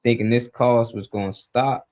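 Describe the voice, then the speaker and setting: A man hosts a live morning show in relaxed, unscripted chat. His voice sits mid-range. He rambles loosely from point to point, dropping easy laughs as he goes. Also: medium pitch, normal speed.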